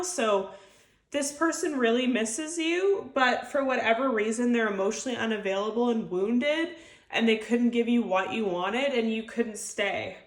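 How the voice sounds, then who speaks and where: A woman with a slightly high voice speaks at a normal pace, giving an intuitive tarot reading to the camera. She is chatty and heartfelt, with plenty of filler words, and the room sounds echoey.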